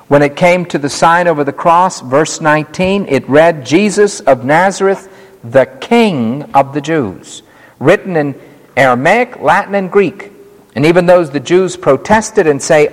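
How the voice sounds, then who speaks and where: A man preaches a sermon with a dramatic, swooping delivery, his pitch leaping high and dropping low as he leans into key words. His voice sits a little high for a man. It rings out with a long reverb, as in a large church hall. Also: animated, slow pace.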